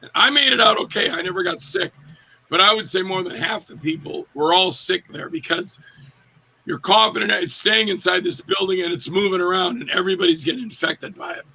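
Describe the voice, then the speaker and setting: A man with a high, gravelly voice tells a story in a casual interview. His tone is sharp and bright, with a husky, raspy edge as he acts out the other people in the tale. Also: brisk, low-quality recording. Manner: animated anecdote-telling, acts out quoted voices, laughs often. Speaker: actor, interview guest.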